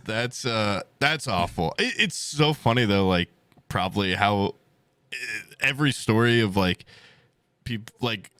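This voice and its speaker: Bright-voiced young man chatting casually. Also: on the low side, expressive, unhurried, clean tone, dry recording. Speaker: podcast co-host. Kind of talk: casual chat.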